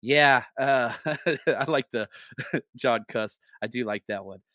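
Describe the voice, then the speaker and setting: A man's voice: medium pitch, slow, fairly bright tone, no echo, studio quality. A man hosting a live sports podcast, ranting bluntly and heatedly, swearing and stammering when worked up. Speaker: podcast host.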